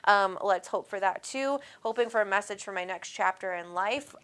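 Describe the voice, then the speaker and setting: A woman's voice: medium pitch, moderate pace, a bit bright, clear, resonant tone. A woman with a Minnesotan accent hosting a spiritual livestream, chatting casually and affectionately as she reads viewer comments aloud, with plenty of ums. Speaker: spiritual medium and livestream host.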